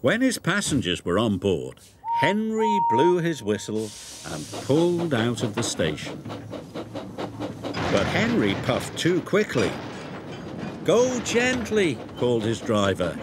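A man with a British accent narrating a children's story in a gentle, expressive way. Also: mid-range voice, a little slow, heavy background noise. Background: music.

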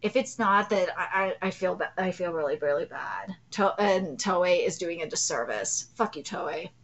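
A woman in her thirties hosting a live reaction video, swinging from loud gasping excitement to low, swearing rants. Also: normal speed. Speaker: channel host reacting to a manga chapter.

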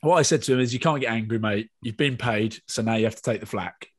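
A man's voice: medium pitch, quick pace. A man hosting a podcast, bantering casually, joking and mocking himself, swearing freely. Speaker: podcast host.

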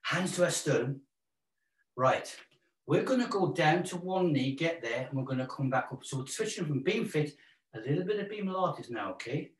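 A Welsh man coaches a live exercise class with cheerful, joking encouragement, counting steps and calling out breaths. His voice sits fairly high for a man. The sound is roomy and picked up from a distance. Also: expressive, normal speed. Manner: upbeat, encouraging, jokey, counting out moves. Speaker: fitness instructor. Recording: roomy echo, mic at a distance.

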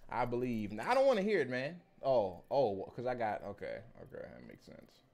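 A young man, streaming a game pack opening with animated, slangy, swearing commentary. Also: mid-range voice, normal speed, gravelly.

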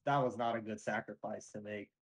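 A man doing a deadpan fake celebrity. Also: lowish voice, a little fast, lightly acted, low-quality recording. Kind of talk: improvised comedy bit.

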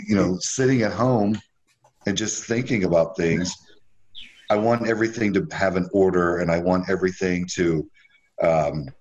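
A man's voice: on the low side, muffled recording, a little hiss or hum. A man talking casually as a guest on a podcast over a video call, rambling and searching for his words with lots of fillers. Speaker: brewery owner guest. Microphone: remote video call.

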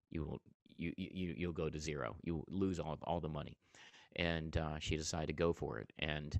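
A man's voice: rumbling low, gravelly, no echo. A man giving a casual interview as a comedian and TV host, telling an earnest story and often restarting his sentences.

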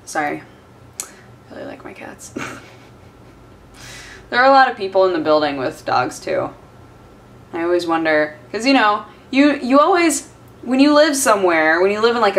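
A woman chatting casually in a home vlog, often slipping into high-pitched baby talk with her cats. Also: a bit bright. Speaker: vlogger. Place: home, indoors.

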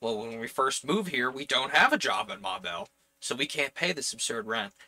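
A man's voice: medium pitch, expressive, normal speed, bright, forceful tone. A man narrating a solo tabletop role-playing game in a meandering, reflective way, speaking as "we" for his character. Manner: meandering, musing, first-person plural narration.

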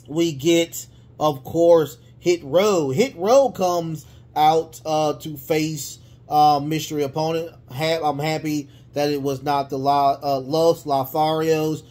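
A man recapping a wrestling show in a casual, rambling way, with many fillers and restarts and bursts of excitement. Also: on the high side.

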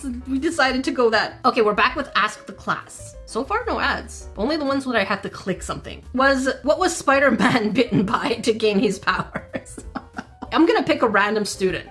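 A woman's voice: sits high, a bit bright. A woman, a former teacher, giving playful let's-play commentary, laughing often and scolding game characters. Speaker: gaming channel host.

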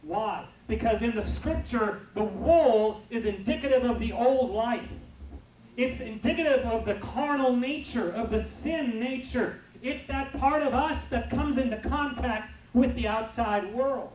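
A man's voice: extremely high pitch, a little slow. Man preaching with humor in an echoing church. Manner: lively, humorous, storytelling with asides to the congregation. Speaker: pastor. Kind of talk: sermon. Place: church sanctuary with congregation. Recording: roomy church from far off, faint noise.

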